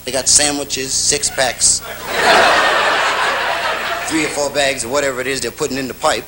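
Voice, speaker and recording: A man telling a stand-up comedy story, animated and playful, on a 1960s TV broadcast. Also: mid-range voice, normal speed, very noisy. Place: TV studio stage.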